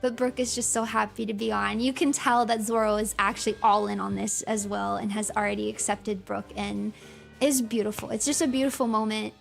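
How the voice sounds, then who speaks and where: A woman streamer in excitable, gushing livestream commentary, laughing often and using lots of fillers. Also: medium pitch, brisk, vocal fry, soft background music.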